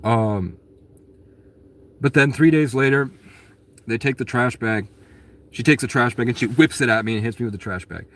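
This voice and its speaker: A man at a medium pitch talking straight to his viewers in a loose, rambling monologue. He sounds aggrieved, keeps restarting his sentences and swears bluntly. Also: normal speed, long pauses, a bit bright. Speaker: vlogger answering viewer questions. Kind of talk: casual storytelling monologue.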